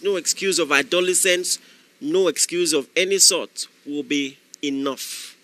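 A man preaching a sermon as pastor, swinging from quiet asides to shouted exhortation. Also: fairly high pitch.

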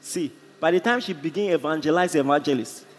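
A man's voice: fairly high pitch, brisk, slight background noise. A man with a Nigerian accent preaching a sermon in an impassioned, storytelling way. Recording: echoey hall, faint ambience.

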